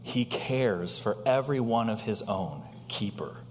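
A man preaching a sermon as pastor, asking rhetorical questions and swinging between loud high emphasis and quiet low asides. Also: animated, measured pace, long reverb tail, a little hiss or hum.

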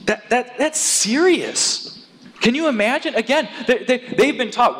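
A man preaching a sermon in an animated way, rising to loud, emphatic peaks as he drives his points home. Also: very high-pitched, measured pace, slight background noise. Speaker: pastor. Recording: long hall reverb.

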